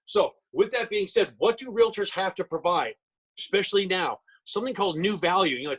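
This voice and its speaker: A middle-aged man leads a real estate training webinar, speaking very fast with an emphatic salesman's push. His voice sits high and has a husky edge. He talks into a computer mic on a video call. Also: a bit bright, rough recording. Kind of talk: webinar presentation.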